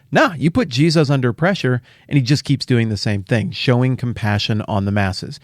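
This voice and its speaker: A middle-aged man teaches the Bible in a relaxed, conversational podcast style. He jumps between earnest explanation and quick comic paraphrase. His voice sits at an ordinary pitch and sounds dry and close, with little room sound. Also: no echo. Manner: animated, jokey paraphrasing with playful voices and quick asides. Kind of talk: casual Bible teaching monologue.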